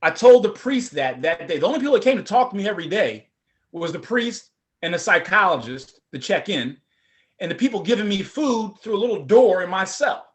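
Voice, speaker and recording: A middle-aged man, a former prosecutor, telling his personal story at a forum in a lively, conversational way. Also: sits high, a little fast. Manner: animated, conversational, acts out voices.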